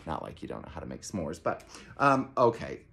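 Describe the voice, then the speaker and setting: A man's voice: very deep voice, sing-song, brisk, vocal fry, fairly bright tone. A man directing a theater camp, gushing and theatrical as he unboxes a gift box in a promotional video.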